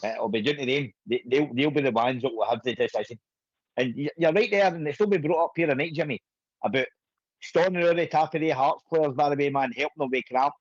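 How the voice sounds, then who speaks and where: A Scottish man calling a radio phone-in, hearty and matey, quick to agree. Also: mid-range voice, no room sound, dull audio. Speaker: caller. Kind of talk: friendly phone-in chat.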